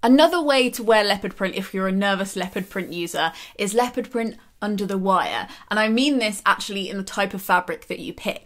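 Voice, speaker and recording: A woman's voice: medium pitch, fairly bright tone. A young woman chatting casually in a fashion vlog, playful and self-mocking. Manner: playful, self-mocking, breaks into laughs and sung snippets. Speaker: fashion vlogger.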